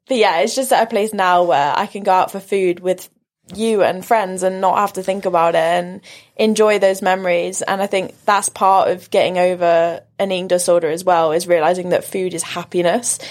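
A young woman with an English accent, a podcast guest speaking openly and reflectively in relaxed conversation. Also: fairly low pitch. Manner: open, reflective, frequent "like". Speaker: podcast guest, rugby player.

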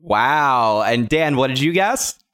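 A man's voice: mid-range voice, expressive, slow, fairly bright tone, clean tone. A man hosting a podcast and running a guessing game for his co-hosts, talking loosely in casual chat with plenty of fillers. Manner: loose, rambling, lots of fillers.

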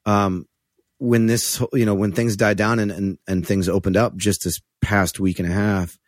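A man in his forties with a lowish voice, a touring musician talking casually with plenty of swearing. He tells animated stories and drops into impressions when quoting people. The recording is dry and close, with no room sound. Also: moderate pace, no room sound. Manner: loose, profane, animated storyteller who slips into voices for quotes. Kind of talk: casual podcast chat.

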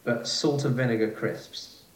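Chatty chef in an echoey room. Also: male voice, medium pitch, steady tone, measured pace. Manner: rambling, hesitant, laughs easily. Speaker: chef and podcast guest. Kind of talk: casual interview chat. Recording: echoey room with faint noise.

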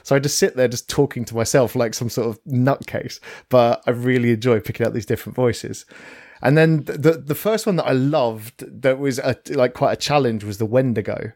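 Give me a man as a guest voice actor, chatting casually on a podcast. He tells animated, self-deprecating stories, tripping over his words at times. Middle pitch, close and dry. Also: moderate pace, dry recording. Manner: animated storytelling, self-deprecating, stumbling restarts. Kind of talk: casual chat.

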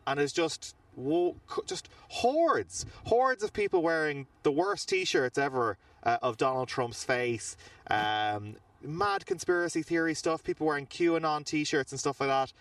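An Irish man, a reporter and podcast co-host, telling animated, rambling stories from a trip, recorded outside a large building. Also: on the high side, unhurried, dry recording, far from the mic. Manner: animated, rambling anecdotes with fillers. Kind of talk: casual on-location storytelling. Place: outdoors in front of a large government building.

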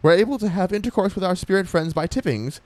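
A man's voice: high voice, fast talker, a little mellow, pitched above the performer's own voice, close to an everyday voice. A man voicing an earnest male spiritualist letter writer from the 1870s, read in a formal, old-fashioned way that is nearly a transatlantic accent.

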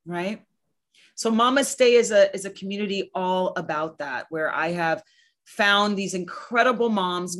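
A woman's voice: mid-range voice, a bit bright. A woman in her thirties, a podcast host, talking earnestly and with emphasis in a casual chat, sometimes acting out what others say. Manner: earnest, emphatic, acts out quoted voices. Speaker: podcast host and guest speaker.

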